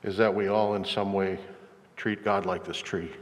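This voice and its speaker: A man preaching a sermon, reflective and measured, as a pastor. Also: low-pitched, flat delivery. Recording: long hall reverb.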